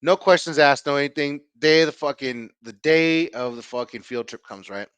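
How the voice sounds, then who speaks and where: A man in his thirties hosting a podcast, telling a rambling, profane story in a casual, animated way, acting out what people said. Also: on the high side, normal speed, smooth, dry recording. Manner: animated, profane, swings loud and quiet while acting out quotes. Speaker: podcast host.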